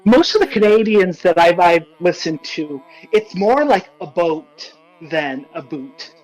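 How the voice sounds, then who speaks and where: Male co-host, high-pitched, halting careful explainer in casual chat. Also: expressive, dry recording, soft background music, low-quality recording. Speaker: let's play co-host.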